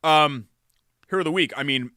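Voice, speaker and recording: Chatty man, bright voice. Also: fairly high pitch, brisk, dry recording, studio quality. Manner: chatty, reads sponsor plugs with enthusiasm. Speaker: podcast co-host. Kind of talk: casual sports chat.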